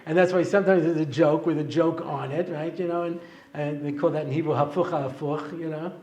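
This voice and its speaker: Man, middle-aged, rabbi, humorous lecture, high voice, laughs at his own jokes. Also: fairly even intonation, a little fast, a little mellow. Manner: joking storyteller, chuckles at his own jokes. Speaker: rabbi giving a talk. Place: lecture hall with a live audience.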